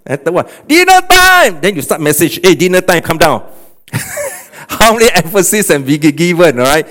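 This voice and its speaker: A male pastor preaching a sermon, animated, often checking in with "okay" and "all right?". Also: a little high, moderate pace. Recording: long hall reverb.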